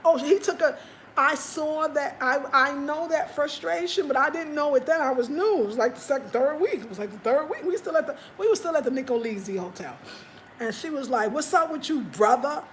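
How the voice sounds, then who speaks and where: An American woman hosting a casual livestream, telling stories with lots of animated, high-pitched acted-out quotes and talking straight to her viewers. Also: brisk, slight background noise. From United States. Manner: animated storytelling, acting out quotes in high cries; chatty, talks straight to viewers. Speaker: livestream host.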